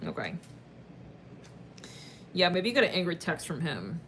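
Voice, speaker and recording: A woman's voice: on the low side, huge pitch swings, a little slow, fairly bright tone, slight background noise. A woman doing a casual tarot reading for her viewers. She talks in a chatty, rambling way, with lots of fillers and sudden laughs. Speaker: tarot reader.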